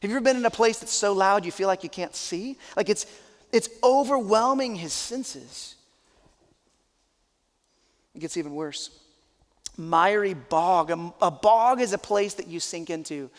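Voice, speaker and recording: A man's voice: high-pitched, lively intonation, measured pace, long pauses, long reverb tail. A man, a pastor, preaching a sermon in an earnest, conversational, emphatic way.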